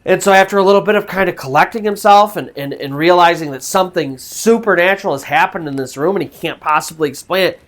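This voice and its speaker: Speaking fast with few pauses, this man has a high, somewhat bright voice. He hosts a storytelling channel and retells a true ghost story in a relaxed, conversational style, full of fillers and false starts.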